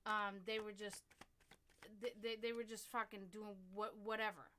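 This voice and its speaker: A woman's voice: mid-range voice, little pitch movement, normal speed, pushed and bright, a little hiss or hum. A woman from Germany hosts a casual livestream and tells a long, rambling story. She swears freely, goes off on asides and speaks in a mid-range voice. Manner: greets viewers mid-story. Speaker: livestream host.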